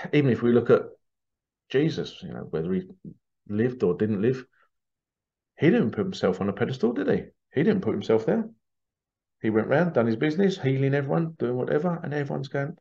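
A man's voice: mid-range voice, warm tone, muffled recording. A man hosting a spiritual podcast, talking in a rambling, opinionated way and acting out quoted people. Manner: rambling, opinionated, acts out quotes in little voices. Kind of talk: casual monologue.

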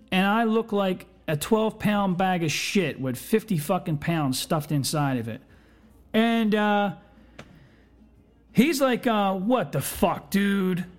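This is a podcast host spinning a long story in a loose, rambling way. The speech is packed with swearing and fillers, and the pitch sits at an ordinary middle level. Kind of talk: casual storytelling.

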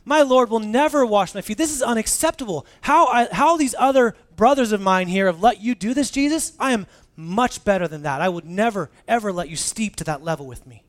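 A man's voice: high-pitched, expressive, a little fast, hardly any pauses, pitched above the performer's own voice. A man playing a brash, outraged disciple. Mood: indignant. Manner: exclaiming in a raised, incredulous voice. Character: impetuous, indignant adult male disciple.

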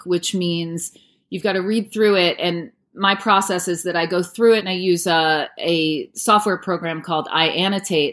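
A woman in her thirties with a fairly low voice talks about her narration work. She is relaxed and chatty, filling her answers with "like" and light asides. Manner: chatty, with many "like" fillers and light laughs. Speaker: audiobook narrator and voice actor. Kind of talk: casual interview answers.

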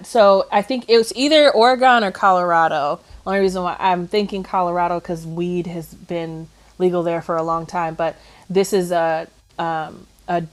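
A woman co-hosting a casual discussion podcast from home, talking in an animated way, full of fillers and emphatic agreement. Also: lowish voice. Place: at home, dogs nearby.

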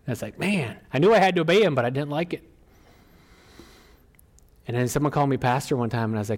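A middle-aged man preaching a sermon as pastor, animated and emphatic, often rising in pitch and volume. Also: quick pace, pauses often. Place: church.

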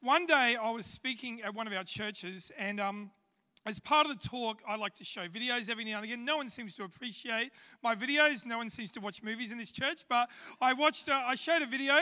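A man's voice: extremely high pitch, a little fast, sharp tone. An Australian man giving a chatty, self-deprecating sermon in a church service, with plenty of fillers. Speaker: church speaker. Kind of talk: sermon with humorous storytelling. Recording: long reverb of a church hall.

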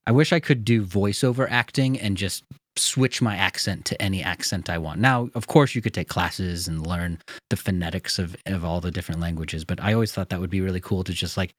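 A man's voice: low-pitched, brisk, dry recording. An American man hosting a podcast, chatting in an easygoing, enthusiastic way into a studio microphone. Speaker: podcast host. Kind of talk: casual podcast chat.

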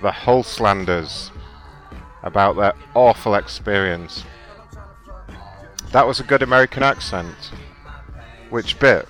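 A man's voice: on the low side, takes it slowly, long pauses, fairly bright tone, soft background music. Profane sarcastic man hosting a prank show. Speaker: prank call show host. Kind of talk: casual crude radio banter.

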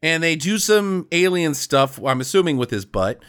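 A man co-hosting a casual podcast chat about a movie, animated, swearing and laughing often. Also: fairly high pitch, normal speed, clear, resonant tone. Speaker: podcast co-host.

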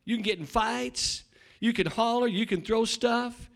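A middle-aged male pastor preaching a sermon, swinging between loud shouting and quiet asides, often repeating words and restarting. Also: very high-pitched, measured pace, gravelly.

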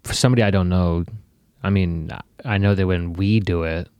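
A man chats casually as a podcast co-host and drops laid-back, offhand comments. His voice is very deep, and the recording sounds dry and close. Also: steady tone, moderate pace, a little mellow, clean tone, no room sound, lo-fi sound.

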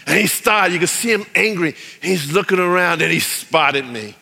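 A man's voice: high voice, animated, normal speed, gravelly, pushed and bright. A man preaching a sermon as pastor, telling a story animatedly and acting out the voices of the people in it, with long hall reverb.

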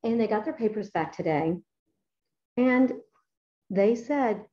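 Speaking slowly at a medium pitch with lively intonation, a middle-aged woman who teaches writing walks through how she edits student papers. She's enthusiastic and talkative, with lots of fillers, and the sound is lo-fi.

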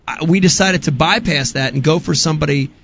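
A man's voice: a little high, fairly quick, vocal fry, a bit bright, muffled recording, a little hiss or hum. A man hosting a live fishing show, joking and laughing between sponsor reads. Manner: joking, laughs often, self-mocking.

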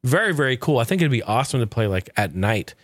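A man's voice: medium pitch, very animated, fast talker, dry recording, studio quality. A man hosting a podcast in casual chat, rambling loosely, swearing freely and chuckling often. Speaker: podcast host.

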